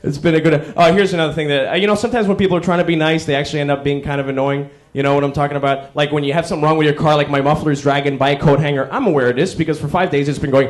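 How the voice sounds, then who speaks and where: A man doing a stand-up comedy routine, acting out quick character bits to a live crowd. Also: fairly high pitch, steady tone. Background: audience laughter.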